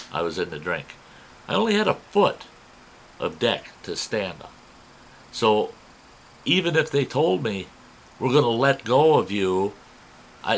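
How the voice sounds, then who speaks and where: A man telling a personal adventure story in a folksy, animated way, acting out what others said. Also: mid-range voice, slight background noise, poor audio. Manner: folksy, animated retelling with quoted voices.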